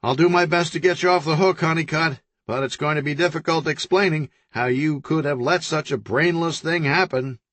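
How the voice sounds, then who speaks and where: A man voicing a self-important male TV newsman who talks down to his cameraman in a quick, condescending way. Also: on the high side, a bit bright, no echo, pitched above the performer's own voice, lightly acted.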